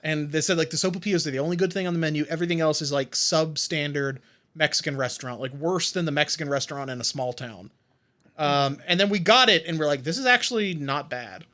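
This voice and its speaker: Brief: young male podcast co-host, animated and rambling, bright tone. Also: fairly high pitch, fast talker. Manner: rambling, animated, profane, many fillers. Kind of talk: casual chat.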